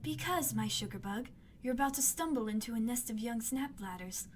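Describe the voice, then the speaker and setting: A woman voicing a tall, playful, sly male alien gardener in a soft, teasing, purring way. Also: fairly high pitch, animated, a little fast, slight background noise, lightly acted.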